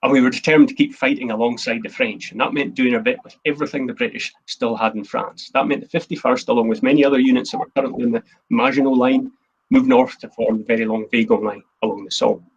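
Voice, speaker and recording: A man's voice: medium pitch, expressive, fast, husky, dull audio. A man, the host and a historian, giving an earnest, emphatic history talk from his notes. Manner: earnest, emphatic, quotes speeches in a plain voice.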